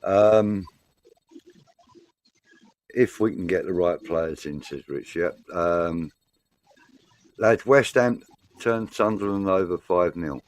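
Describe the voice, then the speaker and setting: A man's voice: deep voice, slow pace, pauses often, no echo. A man, chatting casually as a football fan show co-host. He reads out viewer comments and jokes around. The sound is dry and close. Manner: banter, swearing, laughing.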